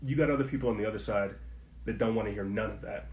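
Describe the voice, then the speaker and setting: A man's voice: on the low side, fast, darkish tone, roomy sound. A man hosting a political commentary podcast, talking straight to his listeners in a heated, preachy way and circling back to the same points. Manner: heated, preachy, repetitive, speaks to listeners directly. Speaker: podcast host.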